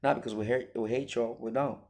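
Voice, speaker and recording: A man's voice: medium pitch, fairly even intonation, a little fast, a little mellow. A man giving an emphatic opinion monologue, full of rhetorical questions and acted-out quotes. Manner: acts out quoted voices. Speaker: commentator.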